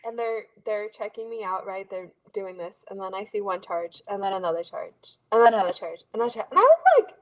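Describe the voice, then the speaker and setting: A woman co-hosting a casual chat, telling an animated story and acting out what others said. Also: mid-range voice, quick pace, hardly any pauses, rough recording. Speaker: co-host.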